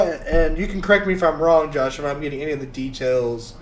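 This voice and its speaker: A man's voice: on the high side, fast, few pauses, a little mellow. A man chatting on an online call, rambling and swearing freely as he explains things. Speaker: player on a show. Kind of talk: casual banter on an online call. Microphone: online call mic.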